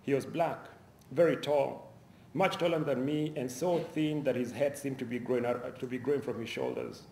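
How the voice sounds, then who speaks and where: A man reading aloud from his own novel at a university event, in a measured way with small restarts. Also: medium pitch, steady tone, gravelly, dark tone, slight background noise. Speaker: author reading his fiction. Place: university lecture hall. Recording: roomy lecture hall, faint ambience.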